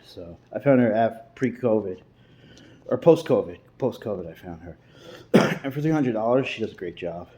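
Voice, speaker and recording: A man's voice: fairly low pitch, expressive, normal speed, dark tone. A man vlogging in a casual, rambling way from an emptied-out house, swearing freely and restarting his sentences. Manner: profane, loose, rambling with restarts.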